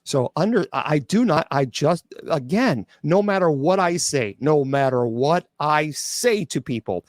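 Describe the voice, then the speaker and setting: A man's voice: a little high, lively intonation, a little slow, hardly any pauses, dry recording, clean studio sound. A celibate clergyman taking viewer questions on a livestream, blunt and sarcastic, with frequent restarts and stumbles.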